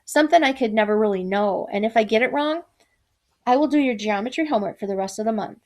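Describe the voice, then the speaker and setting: A woman's voice: a little high, expressive, fast talker, a little mellow, natural voice. A woman voicing a nerdy, hopeful teen boy who can read minds, bargaining eagerly. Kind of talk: storytelling performance.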